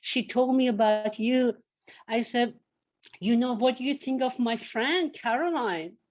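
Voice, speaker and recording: A woman sharing a remembrance at a memorial and then slowly reciting a prayer. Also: a little high, darkish tone. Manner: slow and earnest, reciting a prayer. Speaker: memorial speaker. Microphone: video call. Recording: dull lo-fi video call audio.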